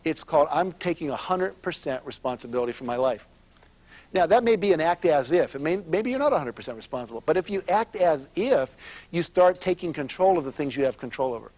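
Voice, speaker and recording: On a dry recording, a man with a voice on the high side speaks fast as a motivational seminar presenter, recounting stories with animation and speaking directly to the crowd.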